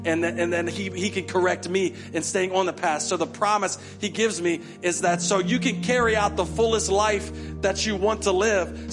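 A man preaches to his church with a high voice. He throws himself into the sermon and acts out pleading prayers in quick repeated bursts. Soft music plays faintly behind him. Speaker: pastor.

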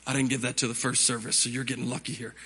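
A man's voice: medium pitch, level tone, very fast, sharp tone, husky, in a large hall. A male pastor preaching a sermon in a conversational style, with lots of rhetorical questions, in a church sanctuary.

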